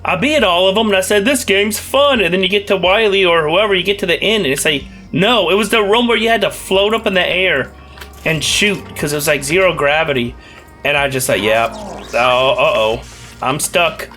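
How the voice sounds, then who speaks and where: A man with a cough giving rambling, jokey, excitable commentary while playing a game. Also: high voice, brisk, soft background music. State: has a cough. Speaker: let's play gamer. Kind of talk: casual gameplay commentary.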